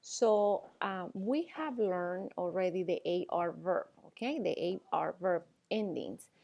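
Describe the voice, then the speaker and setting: A woman with a lowish, gravelly voice, heard on a lo-fi recording, gives a classroom lecture as a Spanish teacher. She's patient, explaining slowly and checking in often with "okay?" and "all right?"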